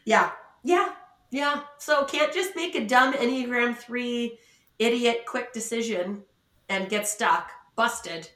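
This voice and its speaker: A woman's voice: a little high, takes it slowly, fairly bright tone, reverberant. A woman podcast co-host from the Pacific Northwest telling a story in casual chat, self-mocking and laughing often as she acts out what others said. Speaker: salon owner.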